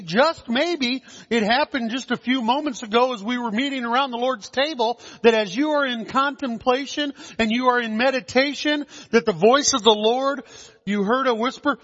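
A man preaching a communion sermon, slow and measured, with dramatic pauses and soft drops in his voice. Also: sits high. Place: church hall. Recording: dull sound in a long-echoing hall.

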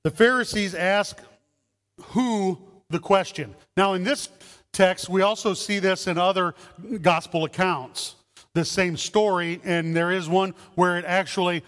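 High-voiced pastor preaching in a hall. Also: male voice, steady tone, a little slow, a bit bright. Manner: conversational preaching with rhetorical questions. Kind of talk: sermon.

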